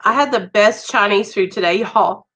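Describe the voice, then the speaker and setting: A young woman chatting warmly with viewers on a livestream, greeting them by name. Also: mid-range voice, moderate pace, low-quality recording. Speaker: livestream host. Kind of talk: casual livestream chat.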